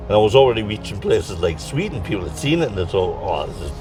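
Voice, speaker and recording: A man with a Tyneside accent telling stories as an interview guest in a lively, laughing way, acting out what people said. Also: fairly low pitch, quick pace, recorded from a distance, music in the background. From North East England. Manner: lively, laughs through his stories, acts out quotes. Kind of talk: casual storytelling chat.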